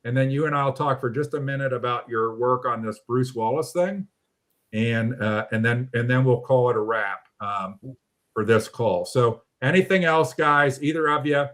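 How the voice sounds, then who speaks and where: A man's voice: mid-range voice, moderate pace. A man hosting an online discussion over a video call, talking bluntly and animatedly with some mild swearing. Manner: blunt, animated, mildly profane. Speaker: host of a local politics livestream.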